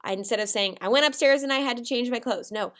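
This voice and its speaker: A woman teaching a recorded writing lesson to first graders, telling a story with dramatic shouts and whispers. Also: a little high, quick pace.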